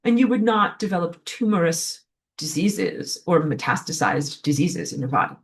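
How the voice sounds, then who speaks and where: A woman giving a casual spoken lecture, talking in a chatty way with lots of "like" and fillers. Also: moderate pace. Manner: animated, acts out quoted voices with jumps in pitch; chatty, heavy use of "like" and fillers. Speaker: online lecturer.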